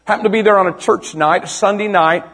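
A man delivers a storytelling sermon to a room of young people, his fairly high voice rising to shouts and dropping to hushed near-whispers. He challenges his listeners head-on with pointed questions. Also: fairly even intonation, fast. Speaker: preacher, youth pastor.

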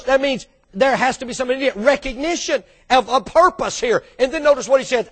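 High-pitched preaching pastor. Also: male voice, fast talker, few pauses, husky. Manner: dynamic preaching, swinging between loud bursts and hushed asides; calls out to the congregation for response. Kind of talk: sermon.

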